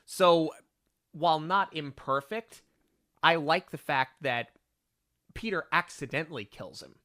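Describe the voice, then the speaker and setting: Bright-voiced man on a film podcast. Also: fairly high pitch, measured pace, dry recording, studio quality. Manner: analytical, makes his case firmly. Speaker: podcast co-host. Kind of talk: casual film review chat.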